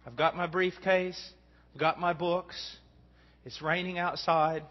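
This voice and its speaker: A middle-aged man preaching a sermon, earnest, swinging from hushed tones to shouting. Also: high-pitched, steady tone, a little slow. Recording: dull recording in a long-reverb hall.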